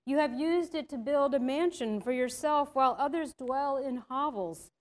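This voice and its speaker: A woman reading the lines of a firm but kind male angel in a storybook, with a solemn, unhurried delivery. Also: sits high, close to an everyday voice.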